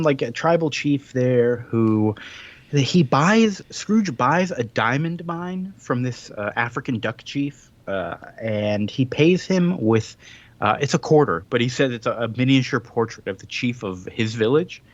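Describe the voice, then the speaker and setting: A man co-hosting a casual podcast, retelling a comic story with quick put-on voices for the characters. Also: mid-range voice, expressive, dull audio. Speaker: podcast co-host. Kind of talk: casual chat recapping a comic.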